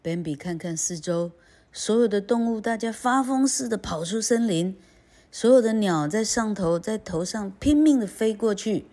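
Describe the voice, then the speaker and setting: A woman host narrating a storybook slowly and gently, switching between two languages. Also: mid-range voice, animated.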